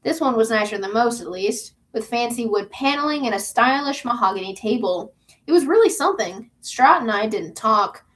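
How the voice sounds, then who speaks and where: A woman's voice: on the high side, expressive, normal speed, a bit bright, a little hiss or hum. A woman reading a science fiction novel aloud on her channel, casual and chatty between passages. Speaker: booktube reader.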